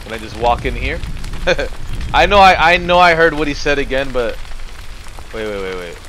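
Man streaming a game, excitable, swearing, joking, heavy rain noise from the game behind. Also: fairly high pitch, normal speed. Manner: excitable, profane, jokey. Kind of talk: let's-play commentary.

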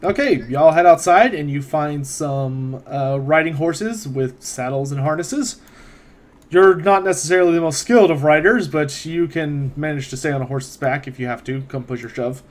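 A man's voice: on the high side, moderate pace. A man narrating as game master of a tabletop role-playing game, hesitant with frequent ums. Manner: hesitant, with many ums and laughs.

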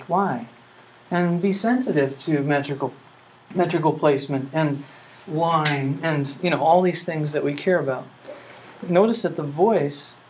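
A man's voice: a little high, a little mellow, rough recording. A man teaching a music class, talking earnestly and checking in with rhetorical questions. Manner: earnest, asks rhetorical questions, hums melodies. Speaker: music professor. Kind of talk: classroom lecture.

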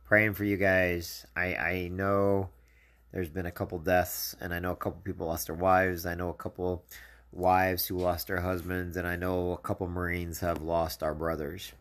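A man speaks in a casual live video message, his voice sitting very low and rough with a gravelly fry. He talks earnestly to his viewers, offering encouragement and comfort in a plain, personal way. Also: flat delivery, moderate pace, fairly bright tone. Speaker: channel host.

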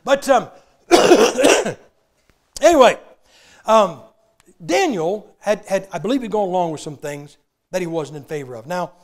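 A man's voice: high voice, lively intonation, a little slow, pauses often. An older man preaching a humorous sermon in a church, folksy and joking as he acts out old movie scenes.

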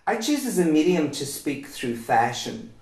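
A man playing a pompous slow-talking fashion intellectual. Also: on the high side, big pitch swings, recorded from a distance, a little hiss or hum. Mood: lofty. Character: pompous male fashion academic, self-important. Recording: roomy echo.

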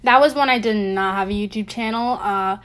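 A woman's voice: medium pitch, fairly quick, fairly bright tone, clean tone. A young woman at home hosting a reaction commentary video. She rants in exasperation and laughs often. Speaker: commentary channel host. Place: at home with family over.

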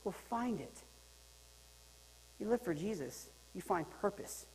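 A male pastor preaching a sermon in a lively, joking way, swinging between loud and quiet. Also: sits high, slow, in a large hall, rough recording. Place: church sanctuary.

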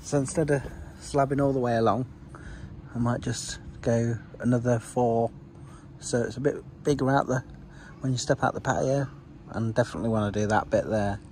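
A man's voice: moderate pace, slight background noise. A middle-aged man chatting casually to camera in a family vlog, teasing his kids and pets. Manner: chatty, teasing, lively swings into high sing-song voice with pets and kids. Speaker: vlogger, father. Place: home garden outdoors.

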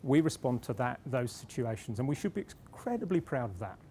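Speaking at a conference, this middle-aged man from Britain has a mellow, medium-pitched voice with big swings in pitch and a brisk delivery. Slight background noise is audible as he shares a self-deprecating story with restarts, then moves on to his point.

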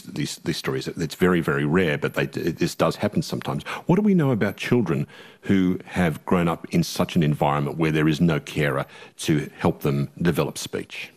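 A man's voice: a bass voice, animated, fairly quick. A man hosting an interview, wry and opinionated as he asks his questions. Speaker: radio host. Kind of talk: conversational interview.

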